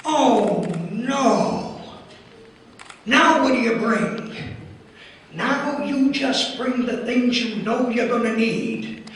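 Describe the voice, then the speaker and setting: A man's voice: very high-pitched, drawn-out words, long pauses, exaggerated voice. A man doing an impression of an older stand-up comic at a conference, sardonic and rhythmic, piling up lists. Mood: wry. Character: older male stand-up comic, wry and ranting. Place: conference hall. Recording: echoey hall, heard from far off.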